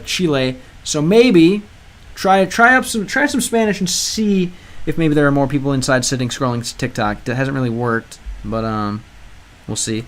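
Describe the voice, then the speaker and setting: A man livestreaming a game, translating lines aloud and chatting with viewers in a rambling, hesitant way. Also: fairly high pitch. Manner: rambling and hesitant, many ums and restarts; translates aloud and answers chat. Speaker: livestreamer learning Spanish through a game. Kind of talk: casual live-stream chat.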